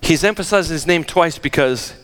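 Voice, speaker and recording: An older man preaching a sermon, emphatic and animated, firing rhetorical questions at the congregation. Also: on the high side, moderate pace. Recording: long hall reverb.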